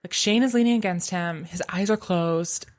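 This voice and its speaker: A woman co-hosts a podcast in a relaxed chat, her voice sitting on the low side. She walks through the episode scene by scene, slipping into the characters' lines as she goes. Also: moderate pace. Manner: retells scenes, acting out lines in quotes. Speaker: podcast co-host. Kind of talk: casual chat recapping a TV episode.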